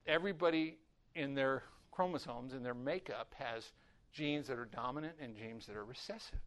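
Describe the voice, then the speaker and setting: An older man teaching a sermon in a storytelling way, acting out little scenes with lively voices. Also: normal speed. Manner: storytelling, acts out voices with rising pitch. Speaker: preacher.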